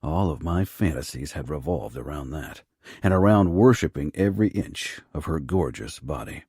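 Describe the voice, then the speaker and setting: A man narrating a first-person romance audiobook in a low, rough, often hushed delivery. His voice sits extremely deep and carries a husky grain. The recording is dry and close. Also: expressive, moderate pace, no room sound.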